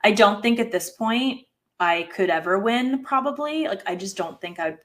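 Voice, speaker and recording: A woman talking as an interview guest in casual chat, animated and playful, filling her talk with "like". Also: medium pitch, normal speed. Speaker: guest, former reality competition player.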